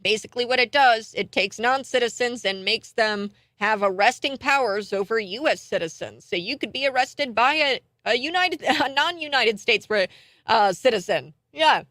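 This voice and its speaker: A woman's voice: on the high side, moderate pace, no echo. Lady radio host ranting, fired up and scornful, dry close mic. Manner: animated, indignant, laughs scornfully. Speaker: radio talk show host. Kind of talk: heated political talk radio monologue.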